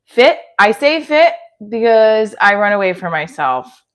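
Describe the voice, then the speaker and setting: A woman's voice: mid-range voice, sing-song, unhurried. A woman in her forties with a New Jersey accent, chatting casually on a livestream from her kitchen and answering comments aloud. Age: 40s. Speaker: comedian livestreaming. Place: home kitchen.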